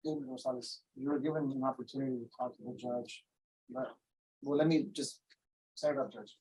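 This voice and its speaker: A man acting as defense attorney in a courtroom, speaking haltingly and repeating words as he sets up questions. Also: medium pitch, fairly even intonation, mellow, breathy edge, poor audio. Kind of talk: courtroom proceedings.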